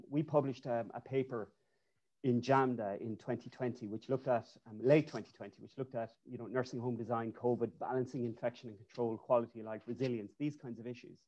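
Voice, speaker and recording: A man's voice: medium pitch, fairly even intonation, fairly quick, warm tone. A man, an architect, giving a loose, conversational webinar presentation over a video call, with frequent restarts and fillers. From Ireland. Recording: dull lo-fi call audio.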